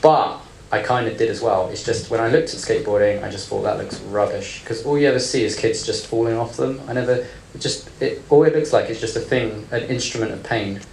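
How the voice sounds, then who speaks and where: A man's voice: mid-range voice, fairly quick, creaky, few pauses, a little mellow, a little hiss or hum. Blunt, playful man in his thirties. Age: 30s. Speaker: panel speaker. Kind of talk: live panel talk. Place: event room with audience. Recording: echoey room, faint ambience.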